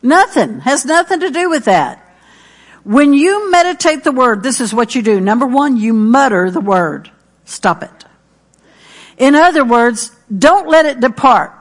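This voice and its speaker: Emphatic higher-pitched woman preacher. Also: animated, unhurried. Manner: earnest and emphatic, repeating key phrases. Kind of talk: sermon.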